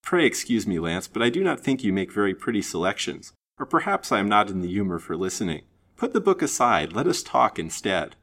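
A man's voice: fairly low pitch, very animated, brisk, hardly any pauses, fairly bright tone, full character voice. Mrs. Vance, a man playing a coquettish scheming lady. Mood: pettish. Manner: coaxing and pettish, then plaintive. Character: vain scheming young woman, coquettish and tearful. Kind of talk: storybook reading.

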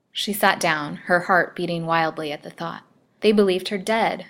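A woman storyteller narrating a classic novel in a measured, expressive reading. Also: lowish voice, creaky.

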